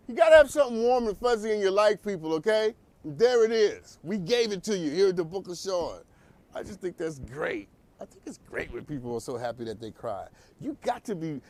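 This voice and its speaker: A man hosting a talk show, giving animated, preachy commentary and laughing often. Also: high voice. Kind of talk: energetic commentary.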